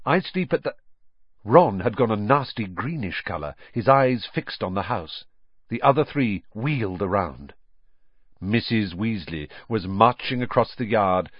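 Husky, lively male storyteller. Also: fairly low pitch, dry recording, lo-fi sound. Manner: expressive, lilting storytelling. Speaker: audiobook narrator. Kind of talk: storybook narration.

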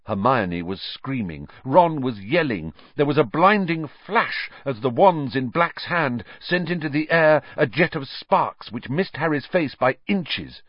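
Slow, expressive male audiobook narrator. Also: mid-range voice, no room sound, muffled recording. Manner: dramatic, measured, varied delivery.

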